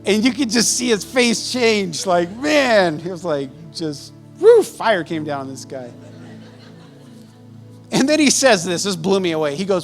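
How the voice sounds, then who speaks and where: A male pastor delivers a sermon in a loose, conversational storytelling manner, often breaking into laughter. His voice sits slightly high for a man. Quiet music runs softly beneath his words. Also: big pitch swings, normal speed.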